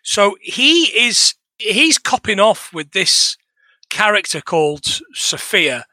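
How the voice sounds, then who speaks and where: A man's voice: high voice, sing-song, slow pace, sharp tone, no room sound. A man in his thirties co-hosting a podcast, chatting casually about a film in a rambling, sweary, exasperated way with many restarts. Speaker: podcast co-host. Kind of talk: casual comedic film review chat.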